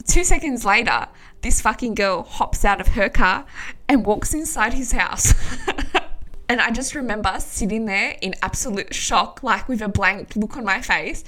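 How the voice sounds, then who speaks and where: A young woman telling a personal story in casual speech, swearing often and acting out the lines of the people in it. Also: a little high. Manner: animated, swears often, acts out quoted dialogue.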